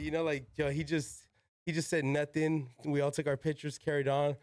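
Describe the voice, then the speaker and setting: Smooth-voiced man telling stories, slangy. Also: fairly high pitch, steady tone, a little fast, a little mellow, no echo, clean studio sound. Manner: slangy, peppered with "yo" and "like", swears freely. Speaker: podcast guest. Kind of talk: casual storytelling.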